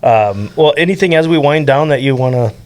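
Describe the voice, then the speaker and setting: Male podcast host, lively storyteller. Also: medium pitch, a little fast. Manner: animated storyteller, laughs while talking. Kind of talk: casual podcast interview.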